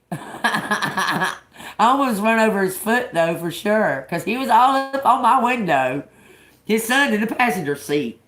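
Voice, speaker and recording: Speaking unhurriedly at medium pitch, a woman sounds animated and a bit bright. She reads tarot on a livestream and has a grown daughter; her casual storytelling is blunt, full of swearing and frequent laughs, captured with roomy echo.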